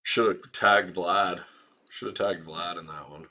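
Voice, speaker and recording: Woman streamer, blunt and sweary, deep voice, unhurried talk. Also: steady tone, pushed and bright. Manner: blunt, profane, laughs often. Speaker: finance livestreamer. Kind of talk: casual livestream chat.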